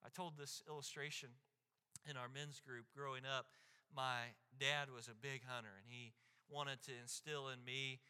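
A man's voice: mid-range voice, steady tone, moderate pace, bright, forceful tone, clean tone, long reverb tail. A man preaching a sermon as a pastor, telling stories earnestly, often repeating and restarting words, and asking the crowd "right?".

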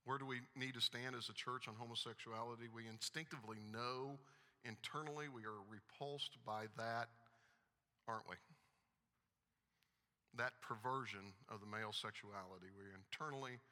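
Forceful preacher man in a reverberant hall. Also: medium pitch, steady tone, moderate pace, pauses often. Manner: emphatic, reads scripture aloud. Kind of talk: sermon.

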